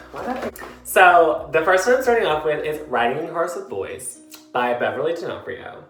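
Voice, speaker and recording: A book vlogger with a fairly high, slightly bright voice chats tipsily from his bathtub, giggling and using plenty of fillers as he rambles about books. The tiled bathroom makes the recording echoey, with faint music in the background.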